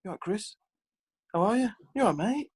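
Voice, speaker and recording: A man putting on a fiery football manager, snapping orders in a raised, pushy voice. The voice sits well above his usual pitch, and in the friendlier stretches it climbs even higher into an overdone cheeriness. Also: a little fast. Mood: cheery. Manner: sudden shift from gruff snapping to sugary friendliness.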